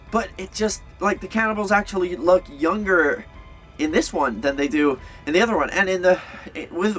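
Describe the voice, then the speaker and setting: A man's voice: a little high, a bit bright. A young man giving a casual, rambling movie review, full of fillers and restarts.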